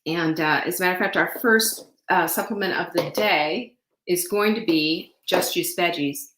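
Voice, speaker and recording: A woman's voice: fairly low pitch, moderate pace, a bit bright, roomy sound, a little hiss or hum, rough recording. A woman hosting a live sales stream from home, chatty and rambling, getting teary and full of fillers and restarts. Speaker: livestream host selling supplements. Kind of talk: casual live sales chat.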